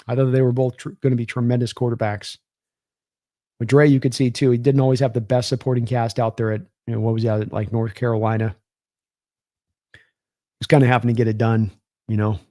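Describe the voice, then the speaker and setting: A man's voice: medium pitch, little pitch movement, fairly quick, pauses often, mellow, no room sound, clean studio sound. A young man hosting a live football stream, rambling casually, reading viewer comments aloud and thanking them by name. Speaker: sports livestream host.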